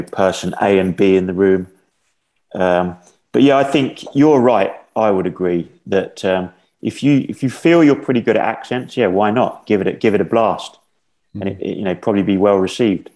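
A man with a very low voice, chatting as a podcast guest. He talks in a loose, hesitant way, stopping and restarting his phrases and padding them with fillers. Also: a little mellow. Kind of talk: casual conversation.

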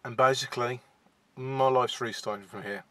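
Sitting in a parked car, this young English vlogger chats casually to camera in a Wolverhampton West Midlands accent, shy and halting, full of fillers and restarts. His voice is mid-range and sharp in tone, fairly even in intonation, at normal speed with no echo.

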